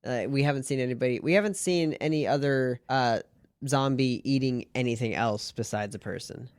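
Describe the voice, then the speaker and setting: A man co-hosting a podcast in casual chat, quick to react and share strong opinions. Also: medium pitch, clear, resonant tone, dry recording, clean studio sound. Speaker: podcast co-host.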